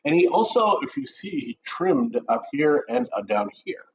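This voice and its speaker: Lively joking middle-aged man, lo-fi sound. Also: medium pitch, normal speed. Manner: joking, animated storyteller. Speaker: co-host of a real estate chat show. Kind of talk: casual coffee chat. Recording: dull lo-fi stream audio.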